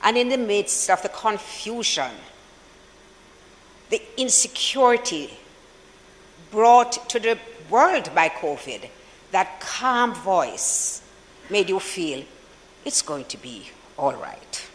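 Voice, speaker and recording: Jamaican accent, senator, formal parliamentary tribute, unhurried and solemn, mid-pitched voice, long chamber reverb. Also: expressive, a bit bright. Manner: slow, measured and solemn, with deliberate pauses. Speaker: opposition senator.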